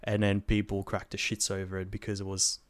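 A podcast co-host with a voice on the low side chats casually about video games, speaking briskly with a completely flat delivery and no echo. He rambles with fillers and restarts and swears now and then.

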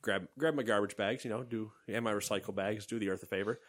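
A deep-voiced man co-hosting a casual podcast, telling stories animatedly, acting out quotes and laughing often. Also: steady tone, fast talker, a bit bright. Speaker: podcast co-host.

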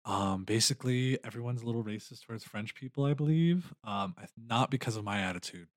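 A man playing a tabletop game, joking in quick banter with friends. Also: medium pitch, no room sound, clean studio sound. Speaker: player. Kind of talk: casual chat among players.

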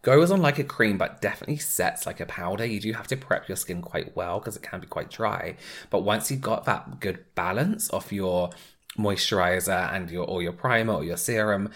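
A man's voice: low voice, moderate pace, a bit bright. A man co-hosting a podcast, joking and chatty, trailing off with fillers as he describes products. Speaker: podcast co-host. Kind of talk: casual chat.

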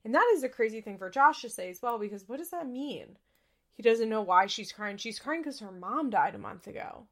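A woman's voice: mid-range voice, fairly bright tone. A young woman hosting a podcast, chatting candidly about a reality show and swearing freely. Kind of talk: casual chat recapping a reality show.

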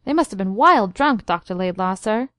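A woman voicing an excitable, flustered housekeeper who talks breathlessly and drops her aitches. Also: medium pitch, normal speed, dry recording, studio quality, lightly acted. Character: flustered middle-aged female housekeeper, excitable.

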